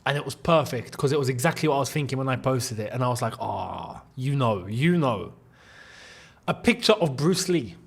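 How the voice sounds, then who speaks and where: A man hosting his own football channel, talking straight to his viewers in a jokey, animated way. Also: mid-range voice, quick pace, hardly any pauses. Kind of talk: casual football commentary vlog.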